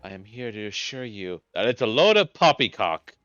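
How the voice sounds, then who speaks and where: A man's voice: on the low side, big pitch swings, normal speed, a bit bright, clear, resonant tone, dry recording, dull audio, voice pushed up. A man voicing a vain, pompous hero who wants to become ruler, reading game dialogue aloud in a grandiose, self-important way. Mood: boastful. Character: pompous vain male would-be ruler, hero-turned-tyrant.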